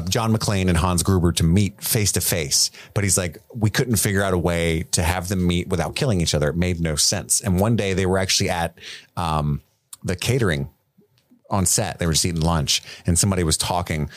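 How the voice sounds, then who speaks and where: A man's voice: low voice, moderate pace, dry recording. A man co-hosting a casual movie podcast, joking around and sharing behind-the-scenes trivia. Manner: jokey, shares trivia at length. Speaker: podcast co-host.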